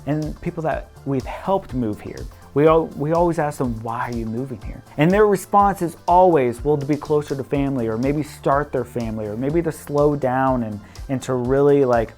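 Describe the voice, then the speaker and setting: Man, casual vlog, chatty, laughs a lot, mimics people, soft music behind. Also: medium pitch, normal speed, hardly any pauses. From Midwestern US. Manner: chatty and playful, laughs often, acts out quoted voices. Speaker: real estate broker. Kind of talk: casual talking-to-camera vlog.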